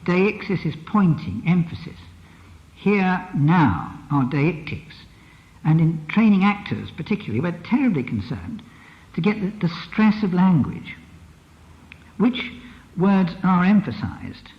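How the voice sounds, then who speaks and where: A man's voice: sits high, very animated, a little slow. Reflective male lecturer, echoing hall. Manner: reflective, emphatic, repeats phrases with shifting stress. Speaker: psychotherapist lecturer. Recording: dull lo-fi archive recording in a reverberant hall.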